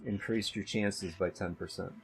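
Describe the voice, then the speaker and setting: A man narrating as game master of a tabletop role-playing game, describing scenes in a halting, conversational way with frequent restarts. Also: low voice, fairly even intonation, vocal fry, slightly rough.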